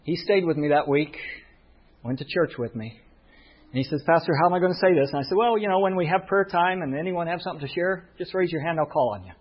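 A man's voice: a little high, fast, slightly rough. A man preaching a sermon as a pastor, telling a story and acting out the voices of the people in it. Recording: muffled lo-fi recording.

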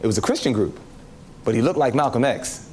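A man preaching his testimony, telling the story in an animated way and acting out his own reactions. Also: mid-range voice, brisk, a little hiss or hum. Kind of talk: testimony sermon.

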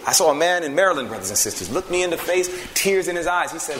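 A man preaching a sermon, swinging from loud emphasis to hushed storytelling. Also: on the high side, lively intonation, fast talker, few pauses, echoey room.

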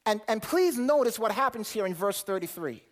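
A man's voice: high-pitched, expressive, normal speed. A man preaching a sermon, reading scripture aloud in King James wording, stumbling over repeated words as he builds his points and putting questions to the listeners. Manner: asks the audience questions.

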